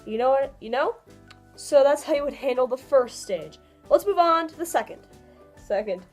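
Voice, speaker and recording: A young vlogger gives casual advice in a fairly high voice at a moderate pace, chatty and prone to little laughs. Her pitch swings around lively as she gets excited, with soft music playing faintly underneath.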